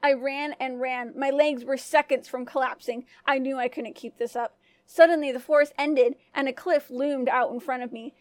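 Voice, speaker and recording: High-voiced woman narrating a folk tale. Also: fairly even intonation, moderate pace, dry recording. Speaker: storyteller. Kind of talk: scripted first-person folk tale narration.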